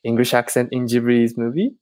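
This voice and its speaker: A man talks casually as a podcast guest, his voice sitting at a middle pitch. He stops and restarts often, filling gaps with ums. The recording is close and dry, with no room sound. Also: fairly even intonation, a little fast, a little mellow, no echo. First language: Japanese. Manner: hesitant, many ums and restarts. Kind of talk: casual interview chat.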